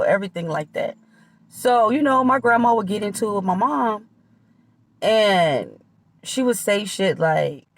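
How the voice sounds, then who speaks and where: A woman's voice: medium pitch, no room sound. A woman vlogger telling her own life story in a casual, candid way. She often quotes her relatives. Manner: candid, conversational, drops into quoted voices of relatives.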